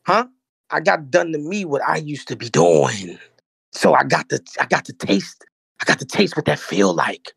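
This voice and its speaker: A man with a New York accent telling a story on a podcast as a guest, animated and streetwise, often repeating himself. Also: fairly high pitch, normal speed, vocal fry, breathy edge, no room sound, clean studio sound. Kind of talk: casual storytelling.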